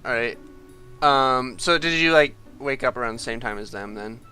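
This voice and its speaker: A man's voice: mid-range voice, moderate pace, pushed and bright, soft background music. A man narrating as game master of a tabletop game, rambling casually with lots of "like". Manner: rambling, full of "like" and laughter.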